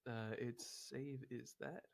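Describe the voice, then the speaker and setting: A man running a tabletop game as dungeon master, calmly explaining rules and moves. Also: mid-range voice, slow, vocal fry, very noisy. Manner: calm, procedural, explains rules.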